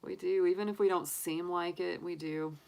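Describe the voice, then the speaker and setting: Low-voiced chatty woman, laughing often. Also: fairly even intonation, moderate pace, vocal fry, a little mellow. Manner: chatty, laughs often, talks through her own reactions. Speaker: tarot reader answering live chat. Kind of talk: casual livestream chat.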